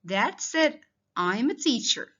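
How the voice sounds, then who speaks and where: A woman's voice: fairly high pitch, big pitch swings, takes it slowly, fairly bright tone. A woman, a primary school English teacher patiently explaining a lesson step by step to children. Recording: dull lo-fi sound.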